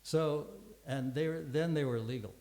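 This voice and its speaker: An older man recounting a story in a scripture class. He wanders, restarts and fills pauses as he goes, in an unhurried, easy manner. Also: fairly high pitch, darkish tone, poor audio. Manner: rambling, many restarts and fillers. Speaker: guest speaker giving a scripture class.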